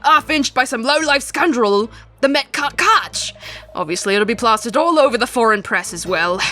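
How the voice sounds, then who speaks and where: A woman voicing a gruff middle-aged male police inspector in a put-on British accent, reading game dialogue aloud with slangy bluster. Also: fairly high pitch, expressive, moderate pace, pushed and bright.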